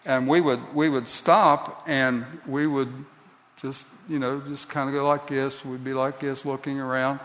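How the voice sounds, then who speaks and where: Slow-preaching pastor in a reverberant hall. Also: male voice, mid-range voice, flat delivery, a bit bright. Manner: slow deliberate preaching that builds to emphatic peaks. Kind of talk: sermon. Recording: long reverb of a large hall.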